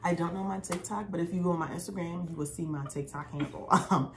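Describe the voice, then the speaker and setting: A woman's voice: on the low side, steady tone, fast, echoey room, slight background noise. A woman co-hosting a casual chat about a reality show, teasing and laughing often. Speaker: podcast co-host.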